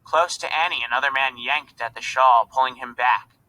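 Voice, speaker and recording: A man reading a children's storybook aloud in an expressive narrating voice. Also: mid-range voice, normal speed, poor audio. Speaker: reader.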